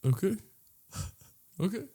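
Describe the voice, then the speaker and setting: A man's voice: takes it slowly, warm tone. A young man co-hosting a comedy podcast, joking casually and laughing often in a mock-earnest way. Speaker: podcast co-host. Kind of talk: casual chat.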